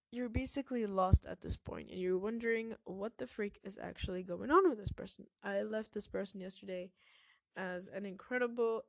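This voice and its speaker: Solo podcast host, female, sick voice, slow measured delivery, dry close sound. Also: mid-range voice, vocal fry, bright, forceful tone, no echo. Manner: reflective, many fillers and restarts.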